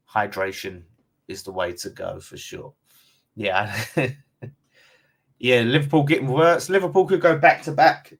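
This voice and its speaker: A man with an Essex accent hosting a casual fan live stream, reading out viewer comments in a blunt, chatty way and calling everyone mate. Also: medium pitch. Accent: London and Essex.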